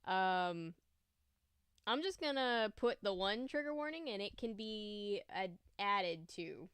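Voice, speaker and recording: A woman's voice: medium pitch, expressive, slow, a bit bright, clear, resonant tone, dry recording. A young woman hosting a casual livestream, chatting and greeting viewers by name. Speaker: livestream host.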